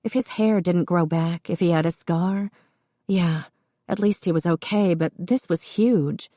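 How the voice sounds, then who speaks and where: A woman narrating an audiobook in a steady, expressive reading. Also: on the low side, unhurried, no room sound, clean studio sound. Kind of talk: scripted narration.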